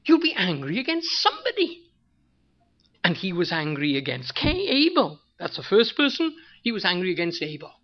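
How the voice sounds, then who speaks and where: Preacher, emphatic, rhetorical questions, repeats for weight, mid pitch, muffled lo-fi sound. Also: wildly swooping pitch, moderate pace. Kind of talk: sermon.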